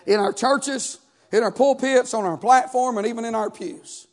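A pastor preaches a sermon in a voice very high for a man, yet dark-toned, at a normal speed. His delivery has a rhythmic, chanting cadence, with lines punctuated by "amen" and "uh."

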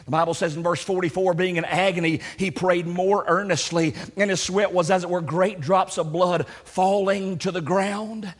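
High-voiced impassioned male preacher. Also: steady tone. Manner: impassioned, rising to near shouts when voicing Jesus' prayer; slows down for emphasis, repeats words. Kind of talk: sermon.

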